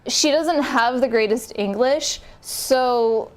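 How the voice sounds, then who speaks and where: Animated, cursing young woman telling a story. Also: on the high side, slow. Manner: animated, swearing, laughing storyteller. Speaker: vlogger. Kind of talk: casual storytime chat.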